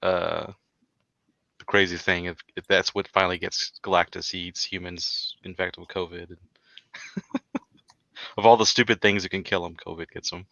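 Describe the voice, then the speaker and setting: A man's voice: low voice, little pitch movement, normal speed, gravelly, long pauses, sharp tone, dry recording. A man chatting casually on a livestream, mostly giving short reactions and the occasional wry musing. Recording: dull, dry mic.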